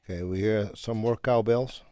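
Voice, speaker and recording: A man's voice: fairly low pitch, fairly even intonation, moderate pace, mellow, dry recording. A man co-hosting a live listening session, chatting casually, asking short questions and reacting briefly. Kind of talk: casual live-stream chat.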